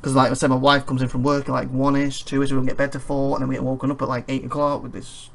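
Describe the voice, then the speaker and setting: A man's voice: medium pitch, monotone, fast, gravelly, a bit bright, a little hiss or hum. A tired man playing a game and reading its text aloud, with rambling commentary and chuckling asides. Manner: rambling, chuckling asides between read-out passages. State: tired and yawning. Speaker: let's play host.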